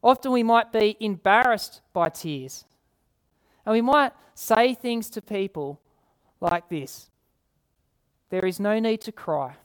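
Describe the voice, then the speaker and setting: A woman preaching a sermon, earnest, repeating key phrases and slowing down to read scripture. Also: mid-range voice, smooth. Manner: slows down to read scripture aloud.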